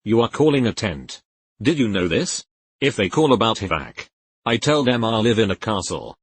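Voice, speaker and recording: A man's text-to-speech voice reading forum posts aloud in a flat synthetic way, spelling out links letter by letter. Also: fairly low pitch, moderate pace, husky.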